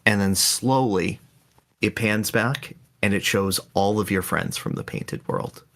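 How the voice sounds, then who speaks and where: A man co-hosting a podcast, slowly and dramatically retelling a game's ending in casual chat. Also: on the low side, a bit bright. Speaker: podcast co-host.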